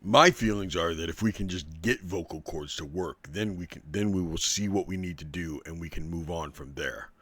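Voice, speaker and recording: Deep-voiced man running a tabletop game. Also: normal speed, few pauses, fairly bright tone. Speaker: dungeon master.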